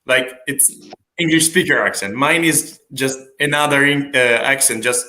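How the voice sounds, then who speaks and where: A man's voice: mid-range voice, normal speed, bright, forceful tone, slight background noise. A man hosting a craft livestream in casual chat, hesitant with many fillers, playful and teasing.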